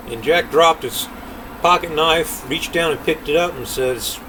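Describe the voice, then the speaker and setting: A man's voice: a little high, lively intonation. Older man telling folk tales. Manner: unhurried, folksy drawl. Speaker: storyteller. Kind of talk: folk tale reading. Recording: distant mic, faint air-conditioner hum.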